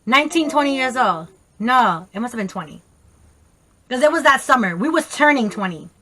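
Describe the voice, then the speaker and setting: A woman tells a story to her camera in a casual, animated, profane way, full of slang and quoted voices. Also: a little high, a little fast. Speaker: vlogger.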